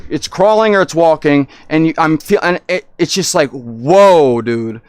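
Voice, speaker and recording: Young guy rambling on stream, kinda high voice, lots of likes and restarts, dry sound. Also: expressive, clear, resonant tone, dry recording. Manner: halting, full of restarts and "like", swearing. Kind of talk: rambling livestream storytelling.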